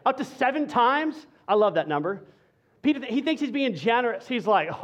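A male pastor preaching a sermon to his congregation, conversational and energetic, shifting into a soft, earnest intensity. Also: high-pitched, normal speed, lo-fi sound.

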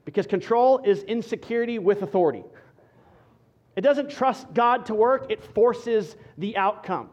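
A male pastor preaching a sermon with an emphatic, repetitive rhetorical cadence that drops to quiet for stress. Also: high-pitched, moderate pace, dull audio.

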